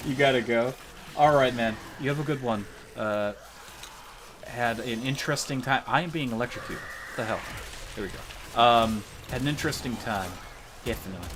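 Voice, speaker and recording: A man's voice: medium pitch, moderate pace, background noise. A man live streaming a game, rambling and joking to himself and his viewers in casual chatter. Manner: rambling, joking, self-mocking.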